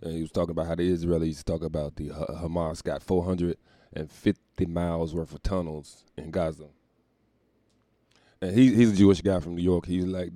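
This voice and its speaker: A man hosting a solo podcast and ranting casually, profane and animated, laughing often while recording at home. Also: low voice, moderate pace, no echo, clean studio sound. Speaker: podcast host.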